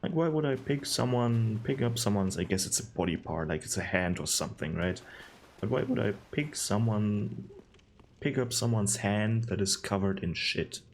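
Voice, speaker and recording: A man's voice: fairly low pitch, expressive, moderate pace, a little hiss or hum. A man giving casual, sarcastic gameplay commentary, rambling and disgusted. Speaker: gaming video host.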